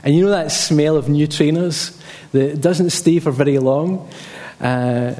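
A man's voice: fairly high pitch, measured pace, a little mellow, long reverb tail. A man preaching a sermon emphatically, repeating key phrases and telling personal stories.

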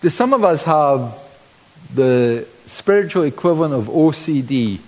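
A man's voice: fairly high pitch, a little slow, big-room sound, poor audio. A man preaching a sermon, acting out the quotes he reads with sudden exclamations. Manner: animated, dramatizes quotes with exclamation. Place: church.

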